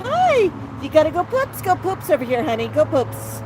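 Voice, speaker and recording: A woman's voice: high-pitched, huge pitch swings, normal speed. Cooing woman livestreaming outdoors. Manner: coos baby talk to the bird and reads out chat comments. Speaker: livestream host with her pet cockatoo. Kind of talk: casual livestream chat. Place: outdoor patio. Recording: outdoor traffic noise. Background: passing cars.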